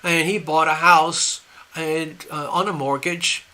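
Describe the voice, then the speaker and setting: A man's voice: a little high, fairly even intonation, slow pace, bright, forceful tone. An older man hosting a live stream, giving opinionated, rambling commentary with frequent restarts. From USA. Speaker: host.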